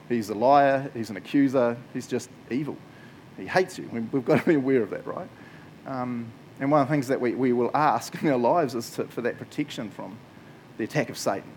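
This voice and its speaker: A man's voice: mid-range voice, slight background noise, poor audio. A man preaching a casual, chatty sermon in church, laughing often and using lots of fillers. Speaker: pastor.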